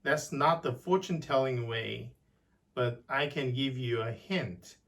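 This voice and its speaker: A man reads as a self-assured fortune-teller woman from a children's storybook. The delivery is slow and measured, pitched at a middling level, with each line taken carefully. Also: vocal fry, fairly bright tone. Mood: knowing. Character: grand female fortune-teller who knows everything.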